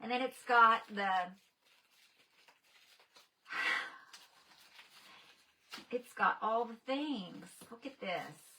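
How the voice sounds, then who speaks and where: An older woman with a drawl hosts a casual livestream, gushing excitedly and chatting to her viewers. Her voice is bright and a little high, and she talks at an unhurried, slow pace. A faint hiss of noise sits under her voice. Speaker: livestream host.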